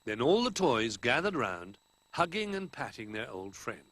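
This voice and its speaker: Male storybook narrator with a bright, expressive tone, hushing for quiet moments. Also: medium pitch, normal speed, poor audio. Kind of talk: storybook reading for children.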